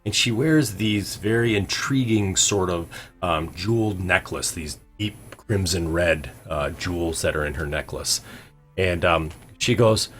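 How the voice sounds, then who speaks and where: A man narrates a tabletop game as game master in a lowish voice. He halts often, filling gaps with ums and uhs and correcting himself. Faint background music plays underneath. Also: a bit bright. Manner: halting, full of ums and uhs, self-correcting.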